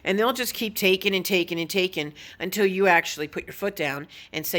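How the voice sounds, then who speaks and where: A woman's voice: on the low side, a little fast, fairly bright tone. A woman vlogging casually, telling a story in a blunt, opinionated way and swearing now and then. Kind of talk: casual vlog monologue.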